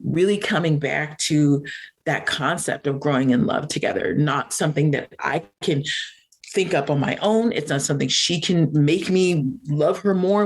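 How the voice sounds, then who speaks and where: Reflective middle-aged woman, laughing often. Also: low-pitched. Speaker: podcast guest. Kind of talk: candid personal interview.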